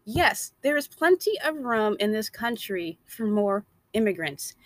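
A woman's voice: mid-range voice, big pitch swings, a little slow, fairly bright tone, no room sound. A woman delivering a blunt, emphatic opinion monologue.

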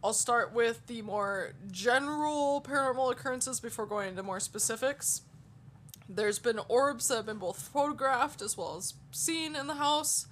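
A woman's voice: fairly high pitch, a little hiss or hum. A woman co-hosting a paranormal podcast, chatting casually and reading out notes with frequent laughs. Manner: laughs often, reads details aloud. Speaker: podcast co-host.

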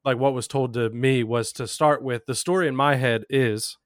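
Calm man hosting a podcast. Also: medium pitch, normal speed, no echo, studio quality. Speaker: podcast host. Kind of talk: casual interview chat.

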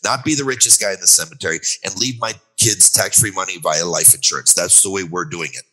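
Older male guest, fast and emphatic, repeats lines for effect. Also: sits low, pushed and bright, breathy edge, poor audio. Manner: emphatic storytelling with repeated refrains and acted quotes. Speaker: guest author on a finance show. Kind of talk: conversational interview, explanatory.

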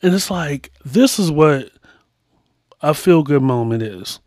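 A man's voice: on the high side, animated, slow, darkish tone, no room sound, studio quality. A man hosting a podcast, chatting casually and rambling through asides as he comments. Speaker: podcast host.

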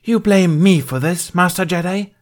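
A man's voice: a little high, fairly even intonation, normal speed, pitched above the performer's own voice, natural voice. A man doing a spiteful, haughty woman senator. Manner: hissing, spitting contempt. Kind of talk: fan fiction audiobook reading.

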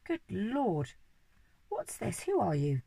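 A woman's voice: medium pitch, wildly swooping pitch, slow, vocal fry, dark tone, husky, no room sound, heavily acted. A woman voicing a short-tempered old male duke who bellows his orders, read aloud from a storybook. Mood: blustering. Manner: bellowing, bossy.

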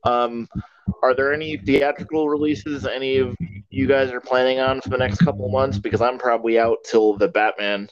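A man of middle pitch hosting a laid-back podcast. He keeps the talk moving and swears offhandedly. The sound is a bit dull and lo-fi. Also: steady tone, moderate pace, a little hiss or hum. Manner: steers the talk, swears casually. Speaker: podcast host. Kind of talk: casual chat.

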